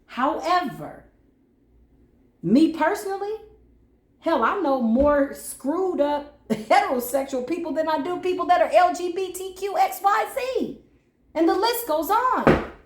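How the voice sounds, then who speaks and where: A woman giving a spiritual tarot reading in a vlog, animated and slangy with casual swearing, now and then breaking into sung bits. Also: very high voice, measured pace, reverberant. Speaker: tarot reader.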